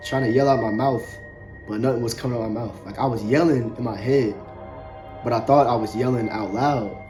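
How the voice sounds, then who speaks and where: A young man tells a personal story straight to his viewers, casual and rambling, stumbling over and repeating his words. His voice sits in a middle pitch. Music plays clearly underneath him. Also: mellow. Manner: loose, conversational, many fillers and repeats. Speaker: vlogger.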